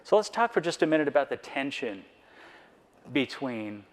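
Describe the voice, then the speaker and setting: A man's voice: mid-range voice, sing-song, moderate pace. A man on a conference board giving a reflective, personal talk, earnest and full of rhetorical questions.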